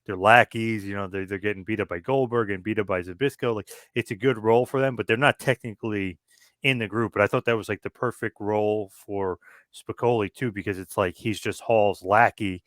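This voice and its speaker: A man with a lowish voice who talks fast on a podcast, thinking out loud as he analyses. His voice sounds close and dry, with no room around it. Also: steady tone, no echo. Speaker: podcast co-host. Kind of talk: casual podcast chat.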